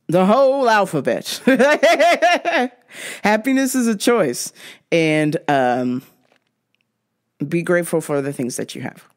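Profane ranting woman, lively pitch. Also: smooth. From half Jamaican. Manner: profane, blunt, animated ranting with laughs. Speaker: podcast host. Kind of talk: casual ranting monologue.

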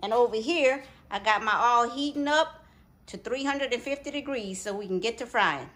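High-voiced woman cooking. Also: moderate pace, a bit bright, poor audio. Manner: exuberant, folksy, frequent high whoops. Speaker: cooking show host. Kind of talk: casual cooking demonstration.

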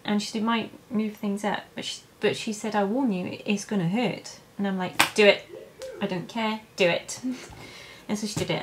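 A young woman tells her birth story in a casual vlog. Her voice is mid-pitched and she talks haltingly, with many fillers and restarts, and at times she is openly emotional. A faint hiss runs under the recording. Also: expressive. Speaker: vlogger.

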